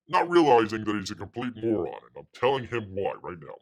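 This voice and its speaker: A man's voice: lowish voice, sing-song, a little fast, hardly any pauses. A man hosting his own livestream show, ranting in a sarcastic, mocking way with lots of filler words. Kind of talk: casual ranting commentary.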